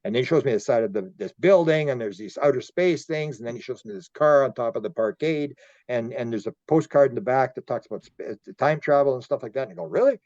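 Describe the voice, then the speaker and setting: A man's voice: mid-range voice, fast, a little mellow, no room sound, lo-fi sound. A man from Canada, a UFO researcher guest on a podcast, telling a long story and repeating words as he goes. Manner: rambling, repeats words, acts out quoted dialogue. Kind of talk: storytelling interview.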